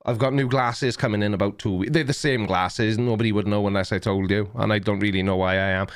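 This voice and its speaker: A man's voice: lowish voice, steady tone, fast, smooth. Middle-aged male livestream host, rambling, self-mocking, reads chat aloud.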